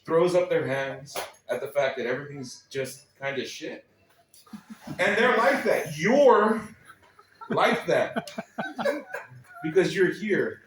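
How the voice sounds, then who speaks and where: A man's voice: a little high, slight background noise. A man from Texas, reading a personal essay aloud at a live club night with a wry, sardonic delivery and dry asides. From Texas, United States. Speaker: spoken-word performer. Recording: echoey room, voice a little far from the mic.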